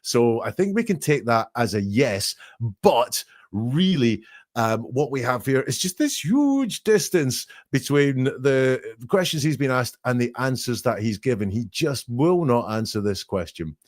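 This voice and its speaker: A man's voice: mid-range voice, big pitch swings, measured pace, dry recording, clean studio sound. A man hosting a podcast, giving analytical commentary that quotes lines from an interview and then picks them apart. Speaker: podcast host.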